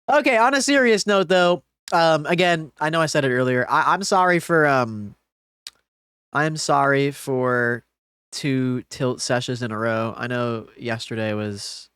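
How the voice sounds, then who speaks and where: A man's voice: medium pitch, a bit bright, clear, resonant tone, no room sound, studio quality. A young man streaming, chatting casually with sarcasm, frustration and swearing.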